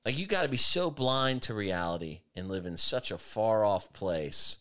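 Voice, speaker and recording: A man hosting a talk show, giving emphatic, argumentative commentary that swings between rushed and drawn-out phrasing. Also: on the low side, lively intonation, a bit bright. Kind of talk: opinionated commentary chat.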